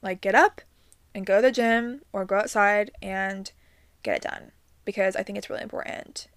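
A woman's voice: fairly high pitch, fairly bright tone, smooth, no echo, clean studio sound. Chatty young woman podcaster. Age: young adult. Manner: chatty, upbeat, many ums and likes. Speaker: podcast host. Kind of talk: casual solo podcast advice.

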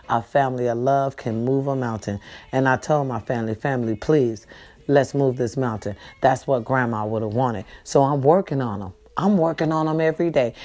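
A woman speaking, casually addressing viewers in a monologue that moves between lively, swearing storytelling and slow, subdued grieving. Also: rumbling low. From California. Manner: animated and swearing at first, then slow and subdued while grieving. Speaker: host.

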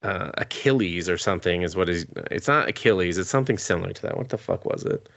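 A man's voice: low-pitched, expressive, fast, gravelly, a bit bright, no echo. A man hosting a podcast, recapping anime in a rambling, profane, casual way while sick with a cough, chuckling often. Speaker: podcast host.

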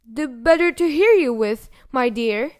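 A woman voicing a hungry male wolf disguised as a grandmother, with a croaking, theatrical storybook voice. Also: sits high, expressive, voice pushed up. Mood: menacing. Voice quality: croaking, squawking. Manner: loud, drawn-out, theatrical. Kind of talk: storybook reading.

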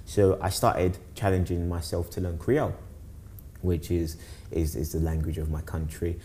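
A man's voice: low voice, moderate pace, a little hiss or hum. A young man from South East London with a London accent, a guest chatting casually, rambling with many restarts. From South East London, England. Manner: rambling, repeats words and restarts often, animated when telling stories. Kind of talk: casual conversation.

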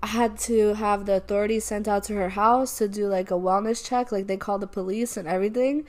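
A woman's voice: mid-range voice, brisk. A young woman co-hosting a podcast, animatedly retelling a story about a work call in casual chat. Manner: animated, retells calls with quoted voices, laughs often. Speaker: podcast co-host.

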